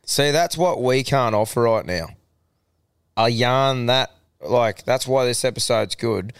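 A man's voice: medium pitch, measured pace, clear, resonant tone, no echo, studio quality. An Australian man hosting a podcast, chatting casually with enthusiasm and swearing. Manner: enthusiastic, laughs often, swears. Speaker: podcast host. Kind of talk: casual chat.

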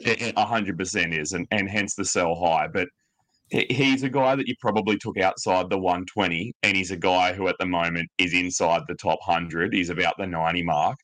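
A man with a very deep voice talks through his points on a podcast. He stays relaxed and easygoing, often pausing on an um. The sound is dry and close, with no room around it. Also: dry recording, rough recording. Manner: relaxed, lots of ums, easygoing. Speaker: podcast co-host. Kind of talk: casual podcast chat.

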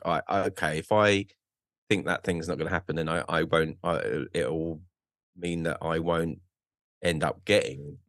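A man's voice: sits low, creaky, a bit bright, dry recording, clean studio sound. A man talking as a podcast guest in a casual chat, hesitant, with many restarts and frequent swearing.

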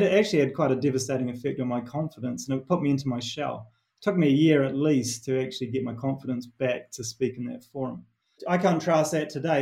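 Mellow-voiced man with a New Zealand accent. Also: medium pitch. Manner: earnest storytelling with restarts. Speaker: performance coach, author. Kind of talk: reflective interview answer.

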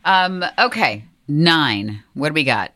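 A woman co-hosting a chat podcast, playful and quick to laugh as she steers the conversation. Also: sits low, expressive, bright, forceful tone, no echo. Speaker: podcast co-host. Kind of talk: casual chat.

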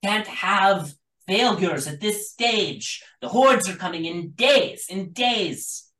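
A man's voice: high-pitched, lively intonation, takes it slowly, pushed and bright, voice pushed up, full character voice. A man voicing a harsh, scarred woman general who coldly berates a failing soldier, in a roomy recording from a distant mic. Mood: disappointed threat. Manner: cold, berating.

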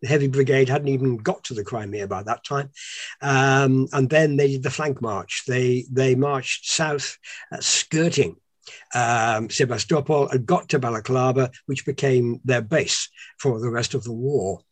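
A British man explaining history in a relaxed conversational way at home, with many uhs and restarts. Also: mid-range voice, measured pace, no room sound. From Britain. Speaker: historian guest. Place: home lounge.

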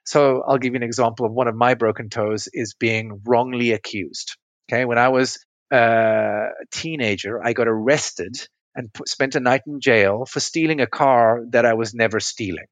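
A man talks in a conversational interview, laying out his ideas patiently and often reaching for a metaphor to make a point. His voice sits at an ordinary middle pitch, and the recording is close and dry with no room sound. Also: steady tone, normal speed, no echo. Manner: explains patiently with metaphors, asks if it makes sense. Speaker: relationship coach, podcast guest.

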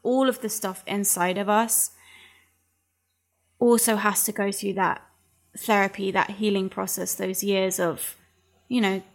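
A woman's voice: medium pitch, steady tone, unhurried, pauses often. A woman talking candidly in a casual chat, emotional and rambling, swearing freely as she opens up.

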